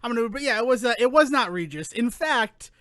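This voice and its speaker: A man co-hosting a podcast, chatting casually in an animated, rambling way that keeps interrupting itself. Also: extremely high pitch, brisk, dry recording, studio quality. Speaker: podcast co-host. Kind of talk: casual chat.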